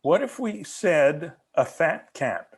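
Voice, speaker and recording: A man's voice: a little high, very animated, slow pace, slightly rough. A man leading an online haiku workshop, asking questions and teaching in a talkative way with many restarts.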